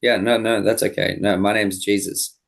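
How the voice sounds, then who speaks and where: A man's voice: on the low side, flat delivery, moderate pace, creaky. A man acting out an easygoing carpenter client. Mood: offhand. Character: easygoing male carpentry business owner.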